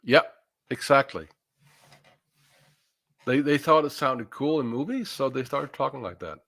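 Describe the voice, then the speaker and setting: A man guesting on a casual review chat speaks slowly and in a measured, opinionated way. His pitch moves around a lot, and the sound is dry and close. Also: lively intonation, fairly bright tone, dry recording.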